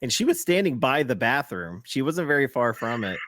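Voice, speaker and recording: A man's voice: mid-range voice, sing-song, fairly bright tone, dry recording. Chatty man telling a rambling story. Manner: rambling storyteller, many fillers and quick laughs. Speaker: podcast co-host. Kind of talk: casual chat.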